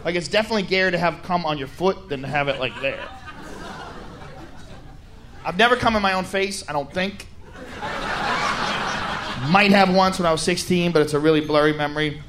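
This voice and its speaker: A male stand-up comedian performing a loud, animated set, shouting punchlines and acting out bits. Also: fairly high pitch, moderate pace, pauses often, a crowd in the background, background noise.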